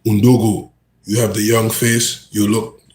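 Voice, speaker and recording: A slow, coaxing scam crew leader with a put-on African accent, as a man puts him on. He talks in a calm, scheming, measured way. The voice sits a little lower than the performer's own, with a roomy echo around it. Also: lightly acted.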